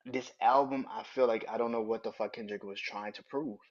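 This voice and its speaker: A man's voice: on the low side, fairly even intonation, a little fast, highs cut off. Blunt, profane man ranting on a podcast. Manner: blunt and profane, swings into loud incredulous rants. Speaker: podcast host. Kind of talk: casual opinion podcast.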